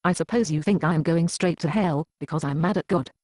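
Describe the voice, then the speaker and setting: A woman's voice: deep voice, a little fast, a little mellow, no echo, studio quality. A woman acting as an upset single woman who answers defensively and evasively in an amateur Bible drama.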